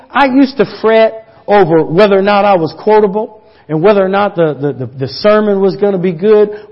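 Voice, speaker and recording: A man preaching a sermon as pastor, swinging between loud emphatic peaks and soft hushed asides. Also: high-pitched. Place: church. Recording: dull lo-fi church audio.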